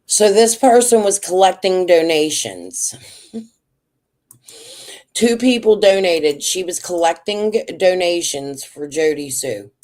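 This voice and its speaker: Woman streamer, low voice, slow and blunt, swears often; casual livestream commentary. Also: darkish tone.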